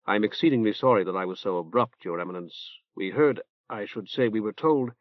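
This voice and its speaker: A man voicing an earnest young male priest who speaks softly and formally. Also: on the low side, animated, a little fast, dry recording, close to an everyday voice. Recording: dull dry tape transfer.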